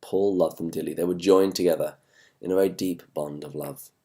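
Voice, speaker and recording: A man with an English accent hosting a Bible study talk from home, his voice still worn from illness, speaking in a measured, earnest way. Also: low voice, fairly even intonation, warm tone. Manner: measured, earnest, with slow stresses on key words. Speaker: host and Bible teacher.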